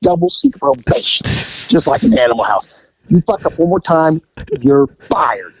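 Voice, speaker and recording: A man's voice: on the high side, big pitch swings, normal speed, slightly rough, dry recording, voice pushed up, full character voice. A man voicing the angry male boss of an illegal dice game, swearing and scolding.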